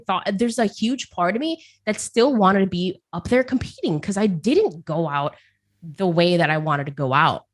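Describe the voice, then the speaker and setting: Chatty, rambling woman with a lowish voice. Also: lively intonation, normal speed. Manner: rambling, chatty, laughs often, repeats words. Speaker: esports caster, podcast guest. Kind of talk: casual interview chat.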